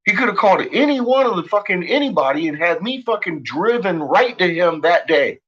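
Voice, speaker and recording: Husky-voiced man, profane rambling rant, dull lo-fi sound. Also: sits high, very animated, fairly quick. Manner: profane, ranting, shouts in retold quotes. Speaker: host. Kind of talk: rambling late-night monologue.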